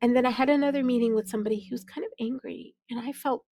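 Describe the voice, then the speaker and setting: Speaking fast with a warm tone and fairly even intonation, a middle-aged woman with a slightly high voice and a Midwestern American accent is heard without echo. She's a physician leader and podcast guest in a conversational interview, candid and reflective, quick to laugh and prone to restarting her sentences.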